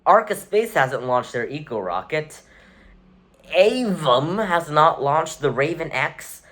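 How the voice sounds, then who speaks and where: A man's voice: on the high side, very animated, takes it slowly, fairly bright tone. Offhand, wry male vlogger. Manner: wry, offhand, sarcastic asides; rambling with self-corrections. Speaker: vlogger rating rockets. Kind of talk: casual tier-list commentary.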